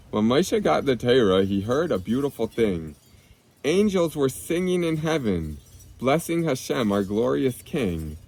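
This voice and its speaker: A man reading a children's book aloud outdoors on a clip-on mic, gently explaining each term simply for kids. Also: medium pitch, vocal fry. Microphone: clip-on lapel mic.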